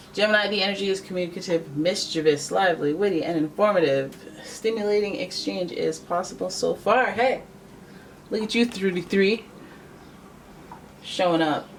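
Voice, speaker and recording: Chatty tarot reader, slightly distant mic. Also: mid-range voice. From Canada. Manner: chatty, joking, thinks aloud and corrects itself. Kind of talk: casual tarot reading to camera. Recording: voice a little far from the mic, faint background noise.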